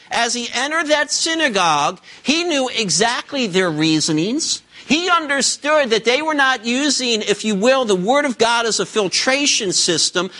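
A pastor preaches to his congregation during a church service, his voice high, pushed and bright. He is emphatic and fills the sermon with rhetorical questions.

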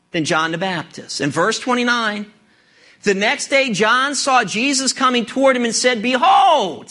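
A male pastor delivers a sermon in a high voice. His tone is bright and forceful, and he drives his points home with earnest rhetorical questions. He often pauses for effect.

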